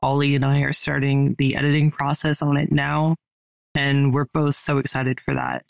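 Gravelly, even-toned man interviewing. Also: medium pitch, no echo. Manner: measured, carefully worded questions. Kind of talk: supportive interview questions.

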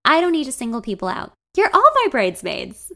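A woman voicing a tipsy, excitable bride who talks loudly and overfamiliarly. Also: medium pitch, unhurried. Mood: gushing. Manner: loud, gushing, overfamiliar.

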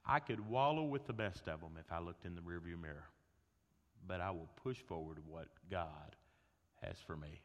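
A man preaching a sermon, an animated storyteller who swings between loud bursts and hushed tones. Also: deep voice, moderate pace. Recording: long hall reverb.

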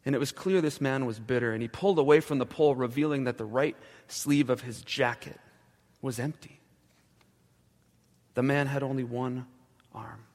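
A male pastor telling a story in a sermon, slowing down and dropping to a hushed voice at the key moments. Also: medium pitch. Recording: long church reverb.

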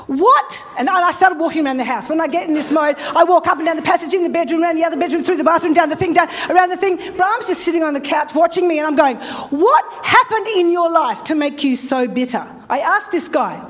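A woman's voice: extremely high pitch, fast talker. A middle-aged woman pastor, telling a story in a sermon and acting out phone calls.

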